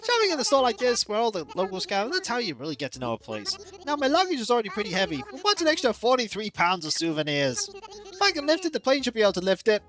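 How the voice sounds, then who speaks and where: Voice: mid-range voice, wildly swooping pitch, fast talker, a bit bright, soft background music, voice pushed up. A streamer voicing a boastful, gym-loving duck villager in a jokey, brash way while reading game dialogue aloud.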